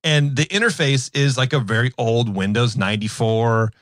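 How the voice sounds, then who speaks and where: A man's voice: medium pitch, normal speed, no room sound, studio quality. A man in his thirties hosting a podcast, chatting casually and telling stories with lots of fillers and restarts. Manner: rambling, animated storytelling with many fillers. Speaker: podcast host. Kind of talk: casual chat.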